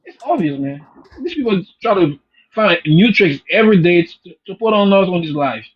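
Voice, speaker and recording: A man's voice: high-pitched, very animated, moderate pace, slightly rough. A man from Africa arguing emphatically on a live-stream panel, often repeating words as he gets going. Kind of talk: heated live-stream discussion. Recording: dull lo-fi stream audio.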